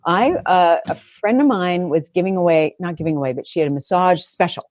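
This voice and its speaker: A woman therapist, a guest on an interview podcast, telling stories in an animated way and laughing often. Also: on the low side, fairly quick, dry recording. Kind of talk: conversational storytelling.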